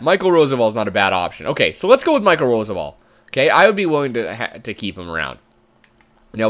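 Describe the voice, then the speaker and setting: Man, casual game commentary, thinking aloud, chatty, animated pitch. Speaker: gamer commentator.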